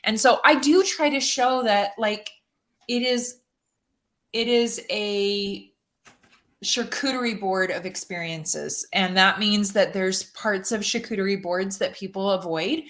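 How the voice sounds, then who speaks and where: A woman's voice: medium pitch, a little slow, a bit bright. A woman chatting openly as a podcast guest, laughing easily and often restarting her sentences. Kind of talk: casual podcast chat.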